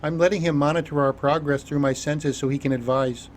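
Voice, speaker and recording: A man's voice: fairly high pitch, fairly even intonation, a little fast, a little hiss or hum, close to an everyday voice. A man voicing a blunt, self-assured female scavenger. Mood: probing. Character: sharp-instinct female scavenger.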